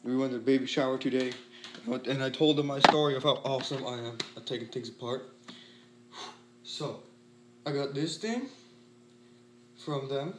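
A man vlogging a teardown in an excitable, rambling way, sweaty and worked up, full of exclamations. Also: mid-range voice, moderate pace, pauses often, background noise. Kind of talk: excited casual teardown vlog.

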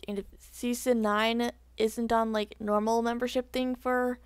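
A woman's voice: on the high side, little pitch movement, measured pace, smooth, dry recording. A woman hosting a reaction video, talking in a rambling, offhand way. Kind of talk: casual chat.

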